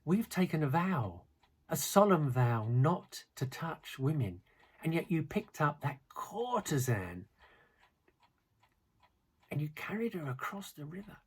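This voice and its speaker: A man's voice: a little high, very animated, slow pace, pauses often, husky, voice pushed up, exaggerated voice. A man doing a furious young monk. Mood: indignant. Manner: indignant, accusing.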